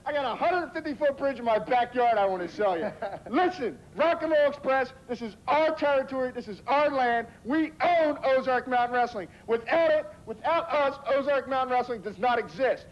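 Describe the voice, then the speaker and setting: A male wrestler shouting an insulting heel promo. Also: extremely high pitch, animated, moderate pace, a little hiss or hum. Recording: lo-fi 1990s TV audio.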